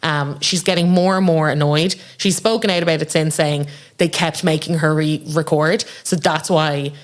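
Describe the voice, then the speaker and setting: Woman, casual podcast chatter, animated storyteller, slightly low voice. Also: normal speed. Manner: animated storyteller, acts out quotes. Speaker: podcast guest. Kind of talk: casual chat.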